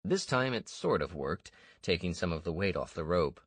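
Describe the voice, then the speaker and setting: A man narrating a first-person fantasy audiobook in a steady, measured way. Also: low voice, breathy edge, no room sound.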